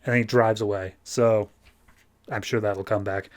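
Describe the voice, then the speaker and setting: A man's voice: lowish voice, fairly even intonation, a little slow. A man hosting a comic book podcast, recapping an issue in a casual, rambling way with wry, sarcastic asides.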